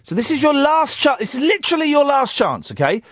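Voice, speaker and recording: A man's voice: very high voice, very animated, brisk, a bit bright, dry recording, clean studio sound. A man hosting a late-night radio phone-in, talking in a combative, sarcastic way to callers.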